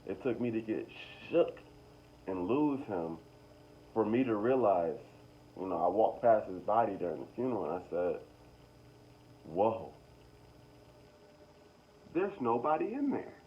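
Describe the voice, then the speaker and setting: Young man, casual spiritual monologue, rambling, repeating words, muffled lo-fi audio, faint hiss. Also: on the low side. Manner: rambling, repeats words, slow emphatic stretches. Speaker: spiritual vlogger.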